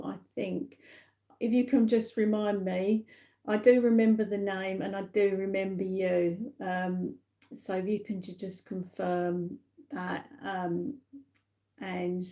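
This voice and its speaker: A woman giving a live psychic reading, speaking gently and haltingly with many fillers and repeats. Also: fairly high pitch. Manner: soft and emotional, addresses viewers by name. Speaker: psychic medium. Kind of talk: live-streamed spirit reading.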